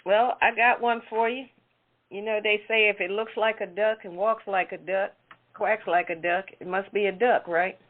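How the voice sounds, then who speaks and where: A woman's voice: medium pitch, fairly even intonation, moderate pace. Chatty woman co-host on a tinny line. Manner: chatty, amused storytelling. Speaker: talk show co-host. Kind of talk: casual chat, reading weird news.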